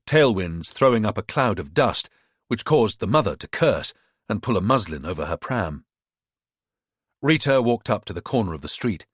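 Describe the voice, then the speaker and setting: A man narrating a thriller audiobook in a measured, expressive reading. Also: fairly low pitch, husky, no echo, studio quality.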